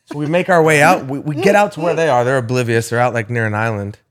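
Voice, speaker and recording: A young man tells a rambling story to his friends, peppering it with curses and filler words. His voice sits at an ordinary pitch and he speaks casually. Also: fast talker. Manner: animated, swearing, heavy filler words.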